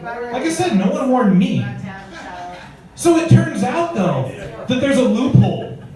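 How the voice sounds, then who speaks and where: Crude stand-up comic man, lively pitch. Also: unhurried. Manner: crude, conversational storytelling with crowd work. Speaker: stand-up comedian. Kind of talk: stand-up set. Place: comedy club stage. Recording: echoey club from far off, crowd.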